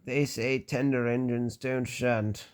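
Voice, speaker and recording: A man's voice: mid-range voice, flat delivery, slow, clean tone, close to an everyday voice. A man doing a meek, polite little engine. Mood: timid. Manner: timid and polite. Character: meek kind small male blue engine.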